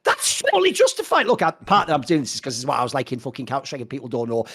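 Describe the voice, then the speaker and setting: A man with a Northeast English accent, co-hosting a casual film chat podcast, animated and emphatic, with frequent swearing. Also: medium pitch, very fast, breathy edge. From Northeast England. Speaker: podcast co-host.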